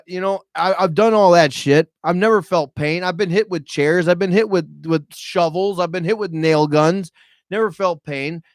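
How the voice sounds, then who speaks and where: A man's voice: a little high, dry recording. A man telling candid stories on a podcast, emotional and profane, speaking straight to his viewers. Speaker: podcast guest. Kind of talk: candid storytelling chat. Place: podcast studio with cameras.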